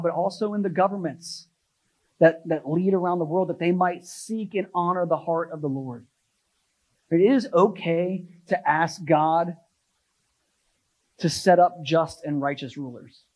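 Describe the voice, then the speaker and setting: A young adult American pastor delivers a sermon, pushing key words up with rising emphasis before sinking into a low, soft voice. The recording quality is poor.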